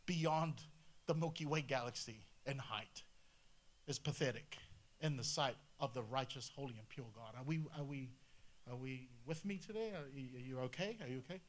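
Here a man with a fairly high voice gives a lively sermon from the pulpit. His delivery leans on rhetorical questions and shifts from booming to hushed.

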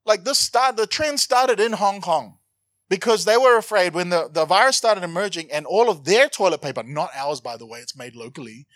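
A man preaching a sermon, animated and joking, swinging from loud to hushed. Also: high voice, moderate pace, no echo. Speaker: pastor.

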